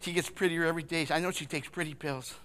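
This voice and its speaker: An older man preaching a sermon, impassioned, swinging from hushed words to shouting. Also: on the high side, steady tone, fast.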